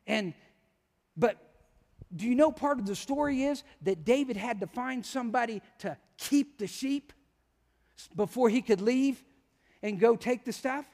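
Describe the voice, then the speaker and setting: A man's voice: extremely high pitch, unhurried, pauses often, a little mellow, big-room sound. A man preaching a sermon as pastor, talking conversationally and often asking the congregation questions. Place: church sanctuary.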